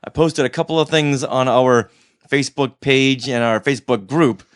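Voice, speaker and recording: A man's voice: mid-range voice, moderate pace, clean tone. A man co-hosting a podcast in casual chat with his wife, teasing and talkative. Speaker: podcast co-host.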